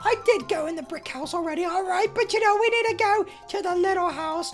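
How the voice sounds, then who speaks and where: A man giving excitable gameplay commentary, yelling at what happens in the game. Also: very high voice, a little fast, hardly any pauses, music in the background. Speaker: game streamer.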